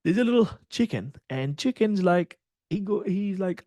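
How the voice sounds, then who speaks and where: A man's voice: high voice, lively intonation, normal speed, dark tone, no room sound. Profane, rambling man on a dry call. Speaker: trading mentor. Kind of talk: casual storytelling to students on a video call. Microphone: video call.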